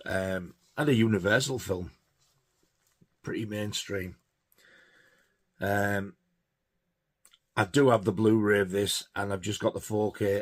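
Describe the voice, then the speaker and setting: A man giving a casual, rambling film review, hesitant with many fillers. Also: on the low side. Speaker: film collector reviewing horror films.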